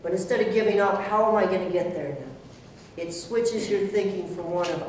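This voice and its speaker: Earnest and self-deprecating, a motivational speaker acts out his inner voice for a club audience. His high voice is a little mellow and moves at a moderate pace, and it comes from far off in an echoey room with a little hiss or hum.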